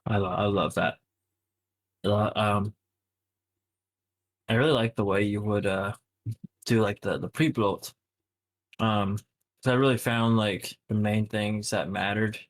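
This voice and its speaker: Young male co-host, low and level voice, rambling casual talker, heavy on fillers and swearing. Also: fairly even intonation, slow, pauses often. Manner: rambling, full of fillers and profanity. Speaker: podcast co-host. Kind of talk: casual chat.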